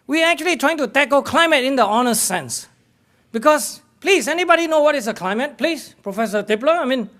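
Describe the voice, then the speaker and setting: High-voiced man giving an indignant talk. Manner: indignant, lively, with frequent fillers and restarts. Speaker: invited conference speaker. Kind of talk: live conference talk.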